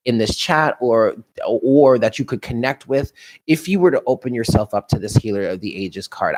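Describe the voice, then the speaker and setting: A man doing a live tarot reading, talking in a musing, chatty way and often laughing to himself. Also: mid-range voice. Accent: New York. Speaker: tarot reader.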